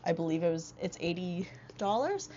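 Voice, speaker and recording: Young woman, congested from a cold, casual rambling vlog chat, slightly low voice, dull lo-fi sound with faint noise. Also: sing-song, normal speed. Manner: chatty, rambling with many fillers and restarts. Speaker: vlogger. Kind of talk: casual book haul vlog. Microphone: small wireless clip-on mic.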